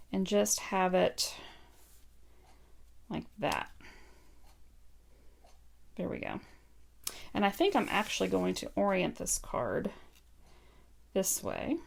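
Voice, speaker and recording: A woman's voice: medium pitch, slow pace, creaky, pauses often, slight background noise. A woman casually demonstrating card making on a live stream, thinking aloud with frequent ums and asides to viewers. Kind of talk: casual live craft tutorial.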